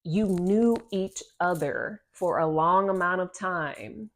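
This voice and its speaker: Lower-voiced woman, oracle card reader; rambling, repetitive, slangy delivery. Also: takes it slowly. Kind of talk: casual channeled card reading.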